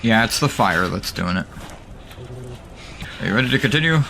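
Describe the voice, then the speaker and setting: A man's voice: on the low side, moderate pace, gravelly, slight background noise. Jokey, swearing man playing a game. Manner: excitable, jokey, swears and laughs often. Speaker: gaming channel host. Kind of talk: let's play commentary.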